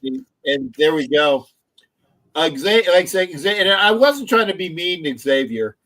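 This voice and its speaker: A man with a fairly high voice hosts a loose sports livestream. He rambles through his thoughts and restarts sentences often. He swears casually along the way. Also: lively intonation, measured pace, bright, forceful tone, low-quality recording. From Philadelphia area. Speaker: livestream host.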